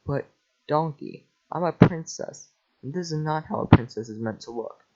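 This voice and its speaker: A man's voice: fairly high pitch, moderate pace, a little mellow, close to an everyday voice. A man voicing an earnest young princess under a curse, a little flustered, in a casual script reading. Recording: lo-fi home mic.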